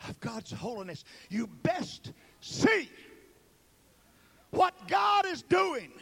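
A man preaching a sermon, swinging between fervent shouting and hushed, slow emphasis, with dramatic repeated words. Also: very high voice, vocal fry.

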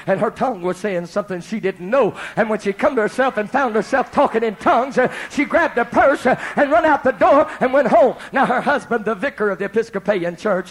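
A male pastor telling a story in a sermon, folksy and animated, moving from hushed asides to shouting. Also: high-pitched.

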